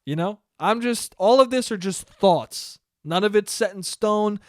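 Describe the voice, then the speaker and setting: A man's voice: sits high, a little slow, dry recording, clean studio sound. A young man hosting a solo podcast in a casual, rambling, profane and self-deprecating way. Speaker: podcast host.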